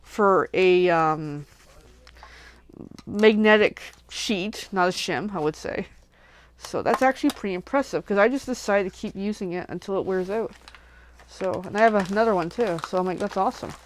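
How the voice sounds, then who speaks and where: A woman crafter chatting casually while making cards, gushing with excitement and slipping into whispers over cute things. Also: medium pitch, normal speed, a little hiss or hum. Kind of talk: casual crafting livestream chat.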